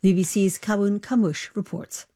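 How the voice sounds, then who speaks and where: A woman presenting the news, reading links in a crisp, formal way. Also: mid-range voice, steady tone, moderate pace, dark tone, slight background noise.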